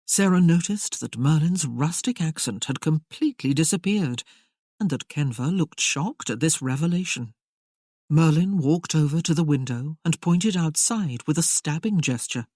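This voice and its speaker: A woman reading a period romance aloud as narrator, in an unhurried, expressive storytelling manner. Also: low voice, no room sound, clean studio sound. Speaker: audiobook narrator. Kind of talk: scripted narration.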